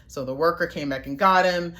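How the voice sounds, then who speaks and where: A woman's voice: fairly low pitch, a little fast, a bit bright. A middle-aged woman, telling foster parenting stories in a casual way to her viewers, laughing often and acting out what people said. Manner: chatty, laughs often, acts out quotes.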